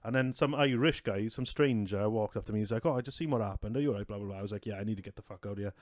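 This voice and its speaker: A man's voice: on the low side, very fast, a little mellow, dry recording, clean studio sound. A man, co-hosting a podcast and telling a rowdy, sweary story with a lot of laughter. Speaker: podcast co-host. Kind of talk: casual storytelling chat.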